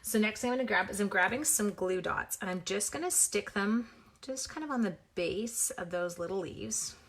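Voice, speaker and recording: With a creaky, medium-pitched voice at normal speed, a Canadian woman leads a casual papercraft livestream, greeting viewers by name. She's chatty and playful, adds little sound effects, and mocks herself good-naturedly, over a little hiss or hum.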